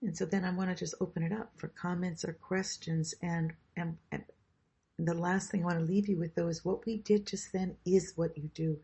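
A woman leading a group workshop who guides a grounding meditation in a slow, soothing way and then invites comments. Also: lowish voice, fairly even intonation, mellow, breathy edge. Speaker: workshop leader. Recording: dull lo-fi sound.

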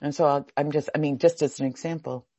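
Husky older woman teaching meditation. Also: deep voice, fairly even intonation, fast, dry recording. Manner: chatty, warm storytelling with laughs and restarts. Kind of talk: workshop talk with personal stories.

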